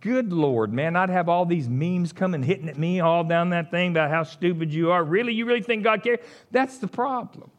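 A man preaching a casual, conversational sermon, folksy and animated, leaping from high exclamations to low asides. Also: normal speed, few pauses, lo-fi sound. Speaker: pastor.

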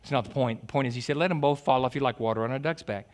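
A man preaching a lively sermon, joking, stammering and restarting his sentences. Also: medium pitch, racing. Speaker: pastor.

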